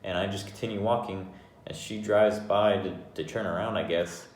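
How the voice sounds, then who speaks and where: Deep-voiced man telling a profane story. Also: moderate pace. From Arizona, United States. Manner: profane, animated, with frequent restarts. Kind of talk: casual storytelling to camera. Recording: echoey room, faint background hiss.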